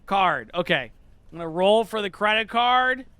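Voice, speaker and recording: High bright voiced guy dming a silly game, rambly and jokey. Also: lively intonation, normal speed, clean tone. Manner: rambling, jokey, many restarts. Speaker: dungeon master. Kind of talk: narrating a comedic tabletop game.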